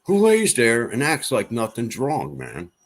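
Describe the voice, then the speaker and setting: A man's voice: mid-range voice, wildly swooping pitch, unhurried. A man hosting a livestream, venting in a casual monologue with exasperation and repeating himself for emphasis. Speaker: livestream host.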